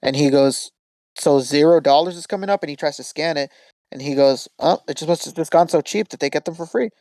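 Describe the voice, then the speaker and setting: Slightly high-voiced and fairly quick, a man hosting a podcast tells a profane, animated story in casual chat, acting out quotes. There's no echo.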